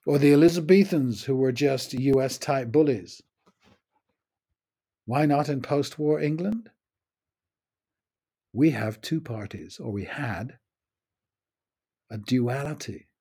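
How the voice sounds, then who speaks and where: A man's voice: mid-range voice, dark tone, husky. A man in his sixties, raised in the United States, giving a wry, opinionated spoken essay on his own podcast.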